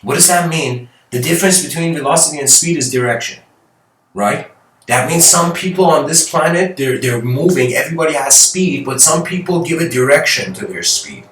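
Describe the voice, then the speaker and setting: A man giving a spiritual lecture by telling a story, rambling and animated, often restarting and adding "like" and "you know". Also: fairly high pitch, moderate pace. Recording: echoey room, mic at a distance.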